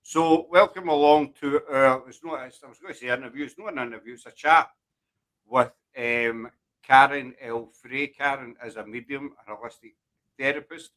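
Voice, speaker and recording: Glaswegian male host, rambling and jokey, bright forward tone, casual chat. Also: medium pitch, moderate pace, poor audio. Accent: Glaswegian Scottish. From Glasgow, Scotland. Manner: jokey, rambling, self-deprecating.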